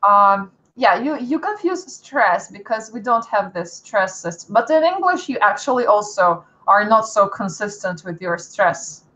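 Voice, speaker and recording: A woman's voice: medium pitch, animated, a little slow, few pauses, fairly bright tone, poor audio. A woman with a Russian accent, hosting a casual chat and asking questions, sometimes turning to address viewers. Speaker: host.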